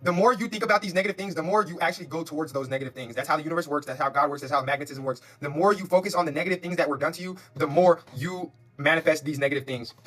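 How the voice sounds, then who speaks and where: A man leads a live tarot reading at a breakneck clip, his fairly high, bright voice repeating phrases for emphasis. He slips between excited storytelling and preacher-like spiritual affirmations, with faint music playing behind him. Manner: fast, repetitive, emphatic and excitable. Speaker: tarot reader.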